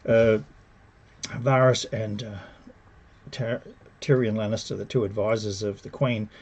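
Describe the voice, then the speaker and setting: Sarcastic gravelly man reviewing TV. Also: lowish voice, a little slow. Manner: animated, sarcastic, mocks characters with put-on quotes. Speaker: TV show reviewer. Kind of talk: casual spoken review.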